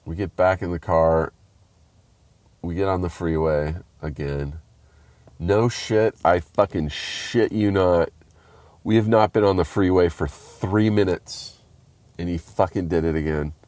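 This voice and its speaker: A man telling a rambling story in a casual, heavily profane and animated way. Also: low voice, unhurried, dry recording.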